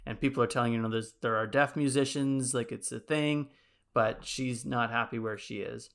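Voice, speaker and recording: A man co-hosting a podcast, casually pitching a movie sequel in a rambling way, full of likes and ums. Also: steady tone, moderate pace, vocal fry, a bit bright. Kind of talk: casual chat.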